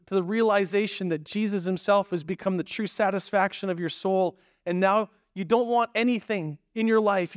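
A man's voice: sits high, no echo, clean studio sound. A man preaching a sermon as pastor, telling the story in a conversational, emphatic way with acted asides.

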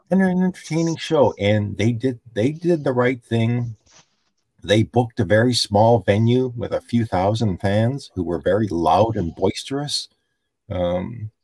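A man hosting a podcast, recapping a wrestling show casually, halting with lots of ums. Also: lowish voice, gravelly, darkish tone, breathy edge, dry recording. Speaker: podcast host.

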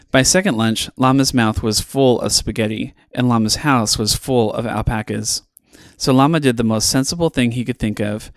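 A man reads a children's picture book aloud with playful expression and dramatic pauses. His pitch sits in the middle range, and the sound is dry and close, with no room around it. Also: no echo. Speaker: podcast host reading children's books. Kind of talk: storybook read-aloud.

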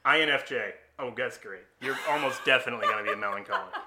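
A man hosting a casual chat, explaining personality types as an animated storyteller who chuckles often. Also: mid-range voice, fast, a crowd in the background.

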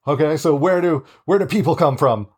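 A man's voice: a little high, fairly quick, breathy edge. A man co-hosting a podcast, joking around in casual chat and laughing often. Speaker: podcast co-host.

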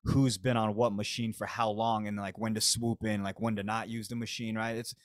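A man's voice: lowish voice, flat delivery, normal speed, no echo, clean studio sound. An American man hosting a podcast, telling a comedic story in slangy, profane, laid-back talk. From United States. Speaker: podcast host.

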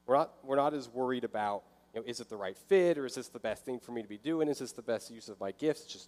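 Speaking fast with few pauses, this male pastor has a mid-range, somewhat mellow voice and an easygoing, conversational sermon style. He occasionally acts out a worried listener's inner voice in short bursts, all echoing through a long hall reverb.

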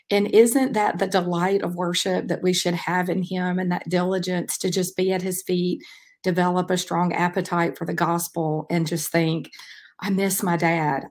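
A woman hosts her own faith-minded podcast in a loose, casual monologue. Her voice sits a little low for a woman. She talks earnestly and rambles, leaning on frequent "um" fillers. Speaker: podcast host and track coach.

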